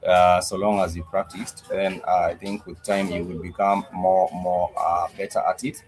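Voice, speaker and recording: Deep-voiced man teaching a language class. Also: level tone, a little mellow, faint music behind, rough recording. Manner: slow, repetitive, spells words letter by letter; frequent "uh" fillers. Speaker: Swahili teacher. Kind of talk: live-streamed language class.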